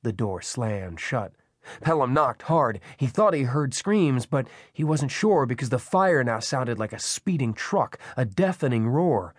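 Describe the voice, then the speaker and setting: A man's voice: medium pitch, animated, unhurried, breathy edge, dry recording. Man narrating a thriller, dry. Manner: tense, dramatic reading. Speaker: audiobook narrator. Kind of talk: scripted narration. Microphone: close studio mic.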